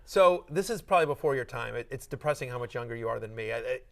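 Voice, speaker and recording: A middle-aged man hosting a casual sports podcast, talking in an animated, joking way with quick restarts. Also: mid-range voice, gravelly. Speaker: host.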